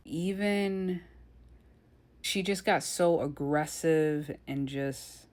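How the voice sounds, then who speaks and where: A woman's voice: sits low, unhurried, darkish tone. A woman giving casual commentary on a true crime case, with a blunt, indignant, conversational manner.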